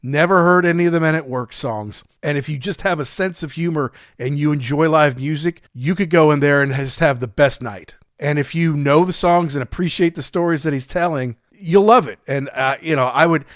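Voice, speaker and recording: A man's voice: fairly high pitch, moderate pace, few pauses, no echo, clean studio sound. A man co-hosting a rock podcast, telling concert stories in casual chat, acting out quotes and laughing often. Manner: animated storyteller who acts out quotes and laughs often. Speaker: podcast co-host.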